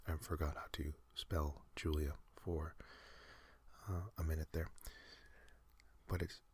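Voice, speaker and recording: A man hosting a sleep podcast, talking in a soft breathy whisper, slow and meandering with many fillers. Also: extremely low pitch, level tone, slight background noise. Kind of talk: rambling whispered sleep talk.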